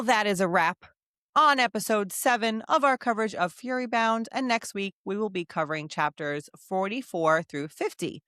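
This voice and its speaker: A woman's voice: medium pitch, clear, resonant tone, no room sound, studio quality. A woman co-hosting a book podcast, wrapping up the episode and promoting upcoming events in an upbeat, casual way. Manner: upbeat, promotional, lively delivery. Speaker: podcast co-host.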